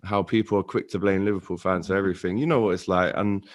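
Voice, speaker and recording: A man's voice: deep voice, steady tone, quick pace. A man from London giving a heated, ranting take as a guest in a casual chat.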